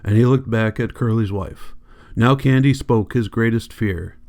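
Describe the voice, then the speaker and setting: A man reading a novel aloud as an audiobook narrator, in a steady, measured manner. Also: medium pitch. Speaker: audiobook reader.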